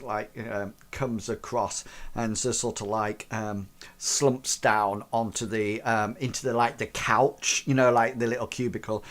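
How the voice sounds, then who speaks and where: A man's voice: mid-range voice, a bit bright. A man narrating a tabletop game as game master, rambling with many fillers.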